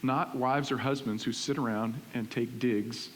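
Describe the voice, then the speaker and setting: A man's voice: mid-range voice, measured pace. Man preaching animatedly in a reverberant church. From Texas. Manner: animated, conversational preaching, keeps asking "right?". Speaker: pastor. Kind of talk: sermon. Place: church sanctuary. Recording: reverberant church hall with faint hiss.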